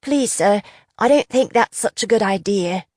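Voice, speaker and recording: A woman's voice: mid-range voice, animated, moderate pace, darkish tone, no echo, studio quality, natural voice. A woman voicing a nervous, apologetic young male mine worker who tells fortunes, in a storybook reading. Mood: nervous pleading. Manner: pleading and apologetic.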